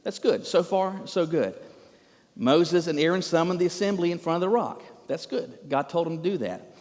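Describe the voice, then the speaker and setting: A man's voice: fairly high pitch, expressive, normal speed, darkish tone, big-room sound. A man preaching a sermon as pastor, in an emphatic way, full of rhetorical questions.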